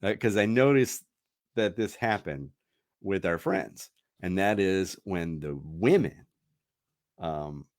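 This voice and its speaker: Chatty, lively-voiced man hosting a podcast. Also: low voice, slow pace. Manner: chatty, laughs often, rambling restarts. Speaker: radio host. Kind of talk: casual podcast chat.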